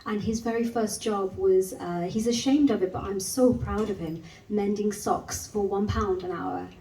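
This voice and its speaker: A woman from Wolverhampton, England, performing spoken word poetry and chatting with a live audience. She gives the poems a slow, rhythmic delivery and talks chattily between poems. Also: mid-range voice, dark tone, slight background noise. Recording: echoey room, mic picked up from some distance. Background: faint live music.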